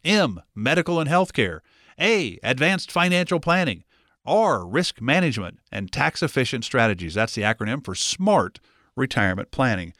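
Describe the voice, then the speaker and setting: A man's voice: medium pitch, big pitch swings, moderate pace, fairly bright tone, dry recording, studio quality. A man co-hosting a radio finance talk show, chatting casually and playing the curious layman.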